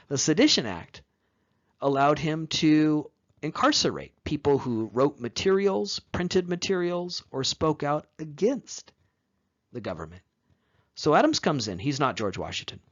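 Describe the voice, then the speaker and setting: A man's voice: mid-range voice, muffled recording. A man giving a recorded history lecture in a conversational way, with rhetorical asides and emphatic rises.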